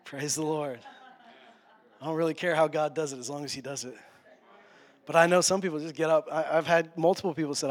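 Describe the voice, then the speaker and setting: A male pastor preaching a sermon, passionate, swinging between quiet, tender passages and loud, urgent ones. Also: on the high side, brisk.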